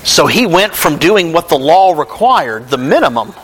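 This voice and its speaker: Animated high-voiced male pastor. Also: moderate pace, slightly rough, poor audio. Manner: animated, conversational, jokes with congregation. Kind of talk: sermon.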